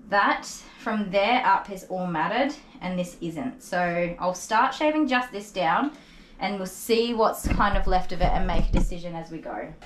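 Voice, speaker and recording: A woman's voice: lowish voice, lively intonation, measured pace, a little hiss or hum. Soothing woman groomer, echoey room. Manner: soothing, repetitive praise, chatty. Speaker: dog groomer. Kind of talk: talking to a dog while grooming, asides to viewers. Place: grooming salon. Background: electric clippers buzzing.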